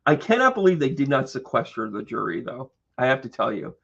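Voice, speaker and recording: A man's voice: medium pitch, big pitch swings, a little fast, vocal fry, fairly bright tone, highs cut off. A man doing a live-streamed tarot reading as its host, exclamatory and joking, swearing freely and greeting viewers by name. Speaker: tarot reader and medium.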